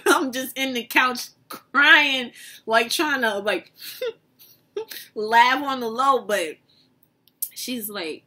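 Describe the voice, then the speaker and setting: Husky, bright young woman telling a story. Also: fairly high pitch, very slow, pauses often. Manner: animated, often laughing. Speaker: vlogger. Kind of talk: casual storytime.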